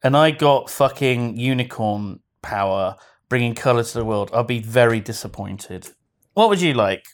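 Lively, jokey man chatting on a podcast. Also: medium pitch, moderate pace. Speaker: podcast co-host. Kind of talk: casual chat.

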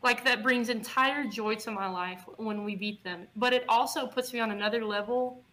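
A woman's voice: fairly high pitch, normal speed, fairly bright tone, rough recording. A woman co-hosting a podcast in casual chat, bubbly and chatty. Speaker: podcast co-host.

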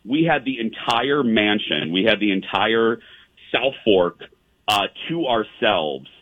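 A man's voice: fairly low pitch, animated, slow pace, no room sound. A man hosting a casual show, telling a long story in a rambling way with many fillers and restarts. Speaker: host. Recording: dry tinny phone-like line.

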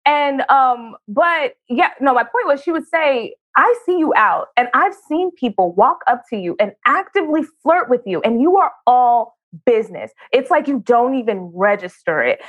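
A woman's voice: a little high, expressive, fairly quick, few pauses, narrow, tinny audio. A young woman who is a guest on a casual podcast, talking expressively, swearing and acting out quoted dialogue.

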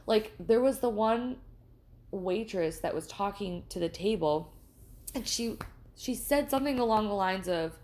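A woman co-hosting a podcast, telling a story in casual, animated chat, swearing freely and restarting her sentences often. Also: mid-range voice, a little slow. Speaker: podcast co-host.

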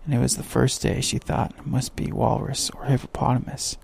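A man reading a children's story aloud in a soft, measured way. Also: mid-range voice, flat delivery, slight background noise. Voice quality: creaky, husky.

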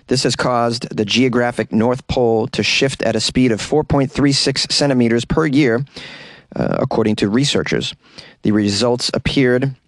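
A man's voice: mid-range voice, dry recording. A man hosting a comedic news podcast, reading items aloud and riffing sarcastically, recorded close in a small closet. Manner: reads news aloud, then riffs sarcastically.

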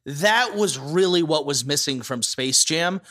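This is a man co-hosting a podcast, talking in quick, excitable bursts and breaking into giggles. His voice sits a little high and sounds bright and forward, full of energy as he gushes and does little quotes. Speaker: podcast co-host. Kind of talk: casual chat.

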